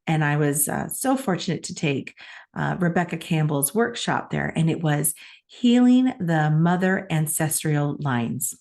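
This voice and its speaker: A woman's voice: sits low, expressive, unhurried, darkish tone. A middle-aged woman co-hosting a podcast, telling a personal story in an earnest, emotional and reflective way, laughing often. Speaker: podcast co-host.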